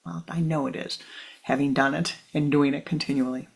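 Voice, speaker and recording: A spiritual teacher gives a meditative talk in a gravelly, deeply husky voice of middle pitch. The delivery is slow and deliberate, with phrases repeated for weight. Often the voice sinks to a breathy near-whisper. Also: steady tone. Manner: addresses listeners tenderly as "my beloved".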